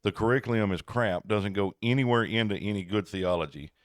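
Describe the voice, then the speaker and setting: A man's voice: on the low side, brisk, no echo, studio quality. A man co-hosting a podcast, talking casually in a blunt, opinionated, lecturing way. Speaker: podcast co-host. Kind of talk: casual chat.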